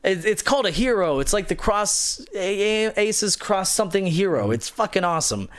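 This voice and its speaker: A man co-hosting a gaming podcast, telling a story in casual chat, animated and profane, with loud exasperated outbursts. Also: high-pitched, moderate pace. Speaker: podcast co-host.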